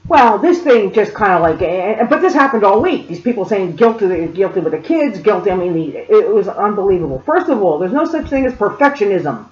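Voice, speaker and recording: Animated woman telling a story, echoey room. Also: mid-range voice, brisk, hardly any pauses. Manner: animated, addresses listeners directly. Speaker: spiritual reader and speaker. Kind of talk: storytelling monologue. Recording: roomy, dull lo-fi sound.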